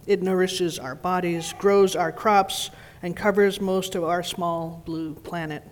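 A man's voice: high-pitched, fairly even intonation, unhurried. Man, worship leader, earnest reflective tone, reverberant church hall. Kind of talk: sermon-style address. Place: church sanctuary.

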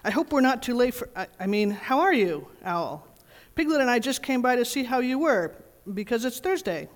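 A woman voicing a simple, gentle male teddy bear who speaks humbly and hesitantly in a storybook reading. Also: fairly high pitch, big pitch swings, moderate pace. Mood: humble. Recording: reverberant church hall.

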